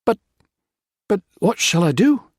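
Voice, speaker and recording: Brief: male narrator doing a distraught wife, pleading and desperate, raised high and husky, audiobook. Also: sing-song, slow, no echo, studio quality, heavily acted. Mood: bewildered, pleading. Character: distraught British woman, wife of a Japanese colonel. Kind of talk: audiobook character voice.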